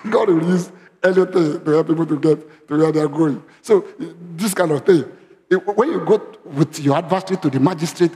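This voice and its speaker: Pastor guy preaching, kinda high voice, big echoey church hall, keeps asking the crowd questions. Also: quick pace. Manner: interactive, asks congregation questions; animated, raising voice when quoting. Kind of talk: sermon. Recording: long hall reverb.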